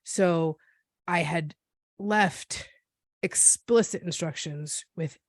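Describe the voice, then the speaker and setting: A woman in her forties recounts her experience as a podcast guest. Her voice sits low, and the recording is dry and close. She speaks earnestly and thoughtfully, often pausing and restarting mid-sentence. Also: no room sound. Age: 40s. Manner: earnest, reflective, halting with many restarts. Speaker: guest, NICU parent. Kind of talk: personal storytelling in a podcast interview.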